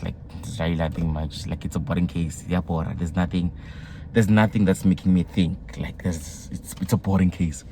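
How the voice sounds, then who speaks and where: A young man with a South African accent and a deep, low voice tells the story of his day in a laid-back vlog, speaking at a normal pace. He grows excitable as he goes, sprinkling in slang and local words, while a faint hiss runs beneath the recording.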